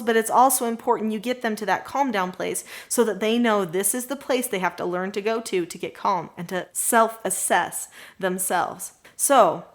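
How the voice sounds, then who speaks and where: A middle-aged woman giving parenting advice straight to the camera in an earnest, reassuring way, sometimes softening to a calm, gentle voice. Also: medium pitch. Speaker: parenting educator.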